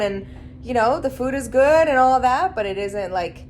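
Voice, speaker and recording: A woman's voice: a little high, brisk, darkish tone, slight background noise. A woman in her thirties talking casually in a road trip vlog, chatty and reflective with lots of "like". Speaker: vlogger. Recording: music playing underneath.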